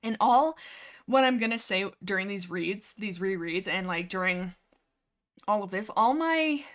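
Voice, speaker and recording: Woman, livestream host, rambling excitable chatter, lots of fillers, headset mic. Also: mid-range voice, a little slow. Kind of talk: casual book discussion livestream.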